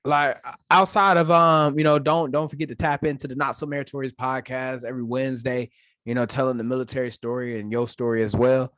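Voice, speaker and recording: A man with a mid-pitched voice speaks emphatically as a podcast guest, sometimes tripping over his first words. The recording is close and dry, with no room sound. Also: fairly even intonation, a little fast, a bit bright, no echo. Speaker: podcast guest, Marine veteran. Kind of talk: casual podcast chat.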